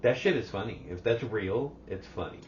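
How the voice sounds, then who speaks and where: A man's voice: fairly low pitch, moderate pace, darkish tone. An older man co-hosting a podcast in casual chat, laid-back and joking. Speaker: podcast co-host. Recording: distant, muffled mic with faint noise.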